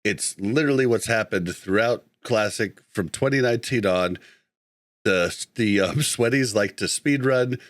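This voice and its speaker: Man, podcast host, casual chat, low voice, dry sound, easygoing, easily sidetracked. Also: a little slow, no room sound. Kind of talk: casual chat, reading live chat.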